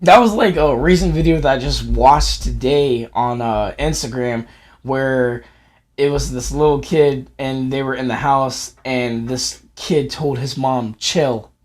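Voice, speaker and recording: A man's voice: mid-range voice, unhurried. A man in casual conversation telling a story, often quoting people in a raised voice. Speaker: podcast co-host. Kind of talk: casual chat.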